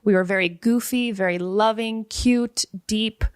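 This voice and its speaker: A woman's voice: medium pitch, unhurried, clear, resonant tone, dry recording, studio quality. A woman guest in a casual chat, telling a story with lots of "like" and acting out what people said. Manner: animated storyteller, acts out quoted dialogue, fills with "like".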